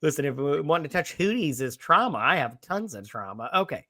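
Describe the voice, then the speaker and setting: A man co-hosting a casual movie review podcast, animated, acting out characters' lines and swearing freely. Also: a little high, brisk, noisy background. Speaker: podcast co-host.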